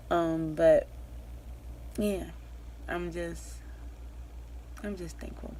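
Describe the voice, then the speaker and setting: Young woman, low-pitched, rambling casual vlogger, pregnant, faint background hiss. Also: steady tone, drawn-out words, pauses often, warm tone. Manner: chatty and rambling, with frequent fillers and laughs. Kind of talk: casual pregnancy update vlog.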